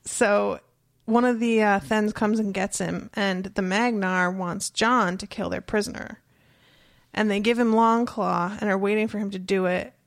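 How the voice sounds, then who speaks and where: A woman's voice: medium pitch, fairly even intonation, measured pace, gravelly, dry recording, clean studio sound. A woman in casual chat, recapping a story and acting out the characters' lines, with easy laughs. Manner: chatty, laughs easily, retells scenes with quoted lines. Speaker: podcast co-host discussing a book.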